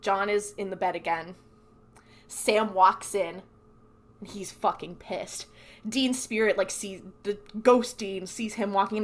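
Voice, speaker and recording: A young woman co-hosts a podcast at a normal pace in a mid-range voice. Her casual recap is animated, with her acting out the characters' lines.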